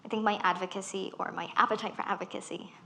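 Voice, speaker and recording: A woman about thirty with an Irish accent, a guest speaker in a live onstage conversation, telling animated stories and acting out quoted lines. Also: medium pitch, fast talker, creaky, a little hiss or hum. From Ireland. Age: 30s. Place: festival talk stage.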